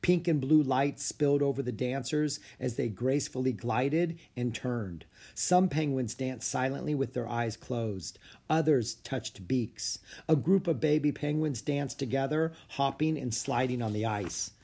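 A man narrating a children's book aloud with expressive storytelling. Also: mid-range voice, unhurried, vocal fry, slightly rough. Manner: expressive, story-telling delivery. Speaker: audiobook narrator.

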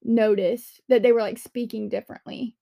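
A woman co-hosting a podcast in casual chat, relaxed and agreeable, with many fillers like "like" and "you know". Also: a little high, normal speed, vocal fry. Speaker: podcast co-host.

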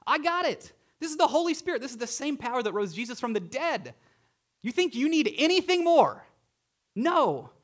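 Man, young adult, pastor, high-pitched voice, conversational sermon, lively emphatic bursts. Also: normal speed. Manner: animated, conversational preaching with rising bursts of emphasis.

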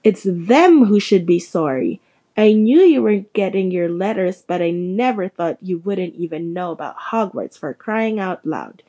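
A big, gruff, good-hearted giant voiced by a woman reading a storybook aloud, booming and blunt. The voice stays mellow and warm, close to the reader's own. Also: animated, a little slow. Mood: angry. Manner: booming, indignant.

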